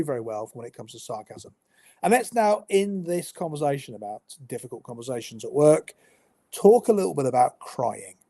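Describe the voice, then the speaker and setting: A man's voice: on the high side, warm tone. A man giving a live-streamed workplace training talk in a chatty, down-to-earth way with dry humour.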